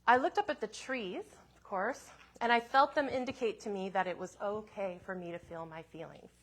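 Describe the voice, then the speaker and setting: A woman minister telling a personal story in a sermon, in a gentle, reflective way with soft asides. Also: mid-range voice, moderate pace.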